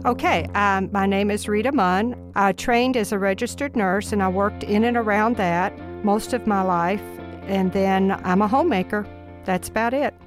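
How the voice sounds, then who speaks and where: A woman in her sixties, a mother of ten, telling family stories in an earnest, animated way with laughs along the way. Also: medium pitch, normal speed, music in the background. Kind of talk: personal storytelling in an interview.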